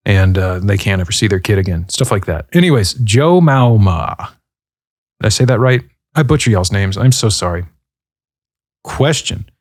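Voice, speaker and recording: A man in his thirties hosts a podcast, reading out listener questions and musing on them in an easygoing, meandering way. His voice sits low, and the sound is dry and close to the microphone. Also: no echo. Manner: laid-back and rambling, with frequent fillers. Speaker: podcast host. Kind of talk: casual podcast chat answering listener questions.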